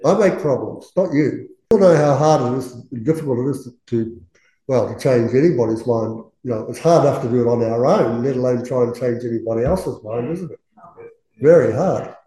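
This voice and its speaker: Chatty man with a dark voice. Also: mid-range voice, a little fast. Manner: chatty, laughing, acts out quoted voices. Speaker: Buddhist teacher. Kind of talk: casual Dharma talk. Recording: roomy echo.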